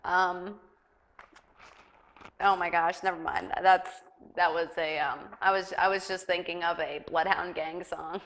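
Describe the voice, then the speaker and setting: A woman's voice: lowish voice, fairly even intonation, a little slow, a bit bright. Rambling, giggly woman talk show host. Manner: rambling, giggly, heavy on fillers. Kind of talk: casual news chat.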